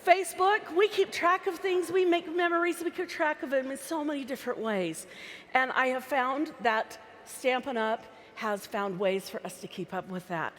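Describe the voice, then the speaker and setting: A woman's voice: high-pitched, moderate pace, fairly bright tone, soft background music. A woman giving a chatty, playful live talk from a stage microphone to a large convention crowd. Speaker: convention speaker. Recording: live hall sound with reverb.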